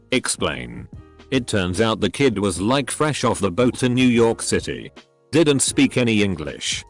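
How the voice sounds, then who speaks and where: A man's text-to-speech voice narrating online posts as scripted story readings, with odd phrasing and pauses. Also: lowish voice. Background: faint background music.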